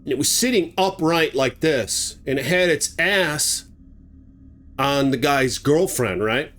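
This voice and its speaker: A man's voice: fairly high pitch, lively intonation, slow, a bit bright, faint music behind. A man telling a chilling true story in a casual, dramatic way, with vivid asides to his viewers. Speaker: horror storyteller.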